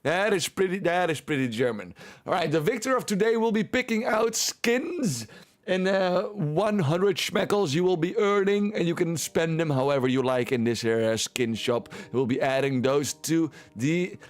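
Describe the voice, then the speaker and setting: A man's voice: fairly high pitch, animated, normal speed. A Dutch man with a Dutch accent, casually commentating marble races on his live stream, playful and repeating himself. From Netherlands.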